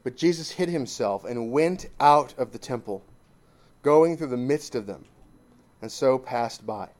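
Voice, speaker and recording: A man's voice: mid-range voice, animated, a little slow. Emphatic man preaching from scripture. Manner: emphatic, pushing the point hard, swinging between loud and hushed. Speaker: preacher addressing a church assembly. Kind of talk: sermon with scripture reading and commentary.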